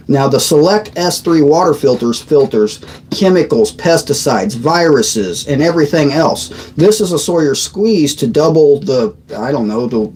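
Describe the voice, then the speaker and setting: A man's voice: mid-range voice, mellow, slight background noise, rough recording. Rambling man in his thirties. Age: 30s. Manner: rambling, chatty, trails off mid-sentence. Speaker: livestream host. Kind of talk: casual livestream chat. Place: at a desk on a squeaky old chair.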